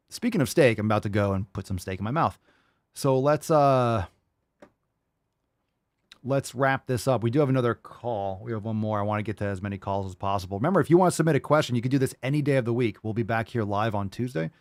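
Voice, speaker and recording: Taking listener questions on his live call-in podcast, a man rambles loosely, curses freely and leans heavily on "like" and "you know." His medium-pitched voice moves fairly quickly and carries no echo.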